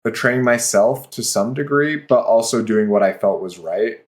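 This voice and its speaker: A man guest on a podcast, talking in a reflective, measured way. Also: fairly low pitch, lively intonation. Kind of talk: casual chat.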